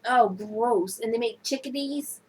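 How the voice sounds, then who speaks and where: A woman's voice: on the high side, a little slow, rough recording. A woman co-hosting a casual banter show, chatty and giggly, rambling through her stories. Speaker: podcast co-host.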